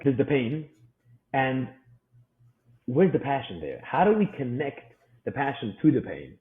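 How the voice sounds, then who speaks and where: A man who is a guest on a business podcast, telling stories casually and acting out the voices of the people in them. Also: mid-range voice. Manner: storytelling, acts out quoted voices. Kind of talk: casual interview talk with acted-out anecdotes. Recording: echoey room over a tinny phone-like line.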